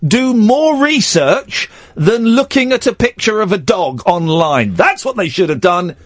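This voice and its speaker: Male radio host, jokey rambler, lively up-and-down delivery, dry studio sound. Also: sits high, a little slow, no echo. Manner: rambling, jokey, self-mocking. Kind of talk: casual radio chat. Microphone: studio mic.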